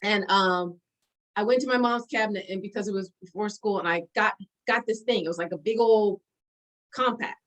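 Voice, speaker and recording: With a mid-range voice at a moderate pace, this guest, a woman in her forties, reminisces in a relaxed chat. She's animated, bursts into laughter often, and uses plenty of fillers, all captured in low-quality audio.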